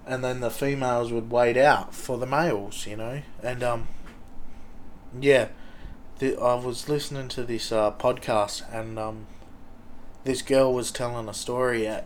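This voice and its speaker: A young man with an Australian accent talks at an unhurried, slow pace. He rambles through a casual story in a laid-back way, swearing often and filling pauses with ums and likes. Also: mid-range voice, a little hiss or hum. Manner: laid-back, heavy swearing, many fillers.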